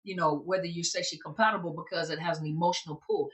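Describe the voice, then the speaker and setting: A woman's voice: on the low side, fairly even intonation, quick pace. A woman therapist and recovery coach giving an informal teaching talk, conversational and repeating phrases for emphasis.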